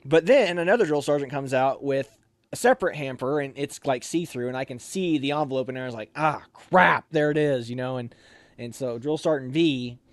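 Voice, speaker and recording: Brief: young adult man, officer candidate, animated storyteller, dry close sound, middle pitch. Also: dry recording. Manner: animated, acts out quoted voices. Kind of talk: casual storytelling.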